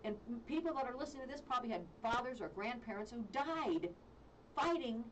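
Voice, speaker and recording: A woman's voice: a little high, lively intonation, fairly quick, recorded from a distance, slight background noise, rough recording. A woman hosting a live radio talk show, ranting with strong opinions and mocking others in put-on voices.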